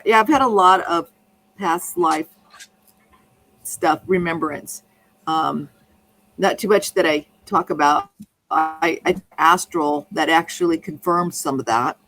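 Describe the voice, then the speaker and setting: A woman's voice: low-pitched, takes it slowly, pauses often, a bit bright, rough recording. A woman in casual conversation, telling a rambling anecdote that keeps restarting and circling back.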